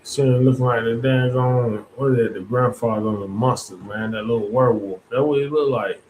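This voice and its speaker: A man's voice: medium pitch, steady tone, fairly quick, darkish tone, a little hiss or hum, poor audio. A man hosting his own podcast, giving a casual, rambling monologue in colloquial speech, full of restarts and asides. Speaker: podcast host.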